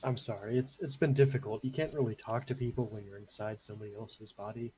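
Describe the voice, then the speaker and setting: A man's voice: lowish voice, steady tone, fast, warm tone, slight background noise, low-quality recording. A man speaking as his character in a tabletop game, hesitant and wry with rambling asides. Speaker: player. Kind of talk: in-character tabletop role-play.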